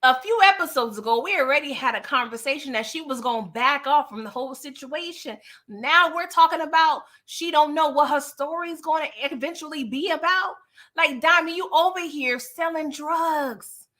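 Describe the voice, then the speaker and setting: Woman, 30s, from New York; chatty, sassy recap vlogger, bright higher voice. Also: normal speed. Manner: chatty, sassy, animated asides with frequent "okay?". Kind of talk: casual episode recap.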